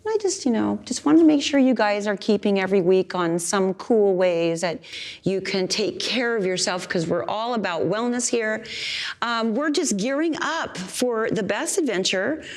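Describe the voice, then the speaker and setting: A woman's voice: mid-range voice, expressive, normal speed. A woman hosting a talk show in a bubbly, enthusiastic pep-talk manner.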